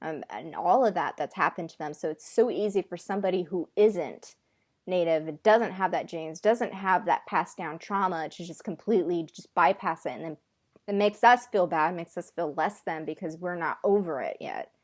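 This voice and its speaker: A woman's voice: on the low side, normal speed. A woman from the United States, co-host and spirit medium, talking earnestly in a casual video-call chat and often restarting her sentences.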